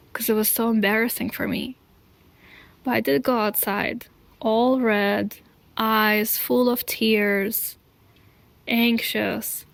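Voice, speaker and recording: A woman speaks in a slightly high voice and tells her own story as a confessional. She talks slowly and deliberately, setting each short phrase apart. Her voice has a gravelly fry, and the recording is dry and close. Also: no room sound. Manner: earnest, deliberate, pausing between short phrases.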